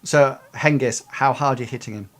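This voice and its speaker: A man's voice: medium pitch, fairly quick. A young man narrating a tabletop game as game master, hesitant and full of fillers and restarts.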